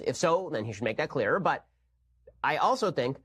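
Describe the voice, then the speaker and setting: A man delivering a political commentary monologue, sarcastic and quick, with dry asides. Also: on the high side, expressive, fairly bright tone, husky.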